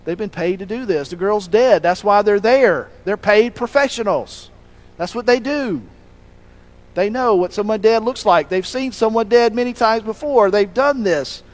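A man's voice: high-pitched, normal speed, poor audio. A man preaching a sermon in a conversational way, asking rhetorical questions and restarting sentences as he goes. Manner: restarts and self-corrects mid-sentence.

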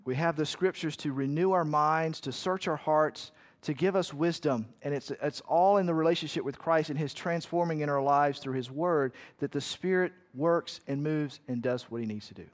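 A man preaching a sermon as a pastor, emphatic, building to loud peaks and acting out shouted asides. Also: fairly high pitch, normal speed, hardly any pauses.

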